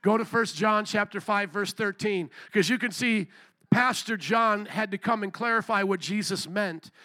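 A man's voice: high-pitched, moderate pace, sharp tone. A middle-aged male pastor preaching a sermon in a candid, conversational way, with his intensity rising and falling.

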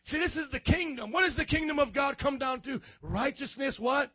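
A man who is a pastor, preaching a sermon in church with call-and-response, rising into shouts. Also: very high-pitched, normal speed, no room sound, highs cut off.

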